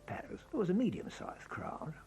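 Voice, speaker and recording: A man telling a historical anecdote in a documentary interview, animated and expressive. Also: sits high, normal speed, creaky, a little hiss or hum, rough recording. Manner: animated storyteller. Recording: interview with music laid over it.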